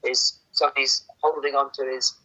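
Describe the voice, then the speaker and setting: A man's voice: mid-range voice, level tone, a little fast, sharp tone, low-quality recording. A man speaking as a doctor guest, earnest and hesitant, often repeating words. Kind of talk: casual conversation.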